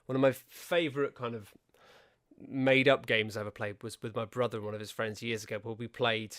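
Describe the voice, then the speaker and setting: A man's voice: medium pitch, steady tone, brisk, a bit bright. Male guest, mid-range voice, dry self-deprecating anecdotes. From England. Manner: wry, self-deprecating storyteller. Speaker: podcast guest. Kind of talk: casual chat.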